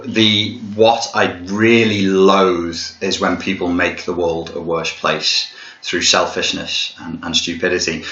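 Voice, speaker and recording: Deep, bright-toned British man in an echoey room. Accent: British English. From Britain. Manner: joking, swearing, mocking, chatty. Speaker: podcast host and life coach. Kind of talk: casual podcast chat. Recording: echoey room, dull lo-fi sound.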